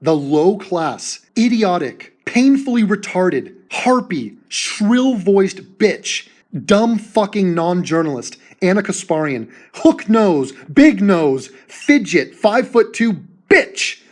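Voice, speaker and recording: A man's voice: high voice, very animated, slow pace, darkish tone. A man commenting over video clips with crude insults, mocking and laughing as he talks.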